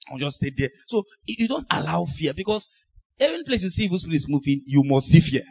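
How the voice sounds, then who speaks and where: A man preaching a sermon, telling deliverance stories with laughs and sudden shouted lines. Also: medium pitch, quick pace. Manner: animated storytelling, laughing, shouting bursts. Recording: dull lo-fi recording.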